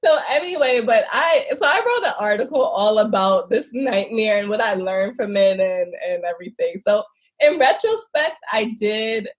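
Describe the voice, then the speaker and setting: A woman guest in a casual interview, telling travel stories in an animated, expressive way and laughing often. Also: medium pitch, normal speed.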